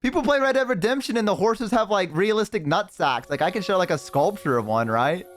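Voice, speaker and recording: A man's voice: sits high, expressive, brisk, faint music behind. A man streaming, chatting casually, joking and rambling with crude humor.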